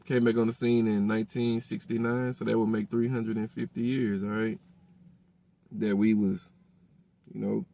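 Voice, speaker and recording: A man's voice: fairly low pitch, dark tone, dry recording. A man reading scripture aloud and explaining it, checking in with his listeners with "all right?" after nearly every phrase. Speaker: teacher of a religious group.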